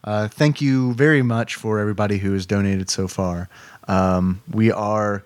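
A man's voice: fairly low pitch, fairly even intonation, moderate pace, dry recording. A man hosting a podcast, casually reading plugs with lots of fillers and the odd swear. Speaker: podcast host.

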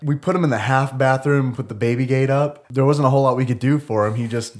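Podcast host, male, hoarse with a sore throat, relaxed storyteller who laughs along; casual banter. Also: medium pitch, fast talker. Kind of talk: casual chat.

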